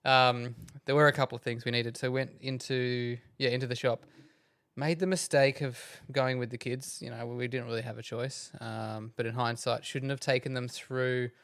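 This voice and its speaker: A man in his thirties, co-hosting a podcast and telling a rambling anecdote about his kids in a relaxed way. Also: medium pitch, normal speed, vocal fry, no echo, studio quality. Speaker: podcast co-host. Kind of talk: casual chat.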